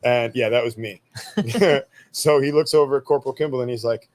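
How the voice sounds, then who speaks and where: A man's voice: mid-range voice, brisk, a little mellow. Laid-back man telling army stories. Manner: laid-back, swearing, laughing at his own stories. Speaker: guest, army veteran. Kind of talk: casual storytelling interview.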